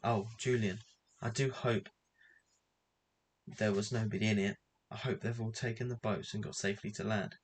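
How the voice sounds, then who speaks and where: A man reading a storybook aloud, voicing an eager, hopeful boy who speaks in hurried pleas. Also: fairly low pitch, steady tone, slight background noise, close to an everyday voice.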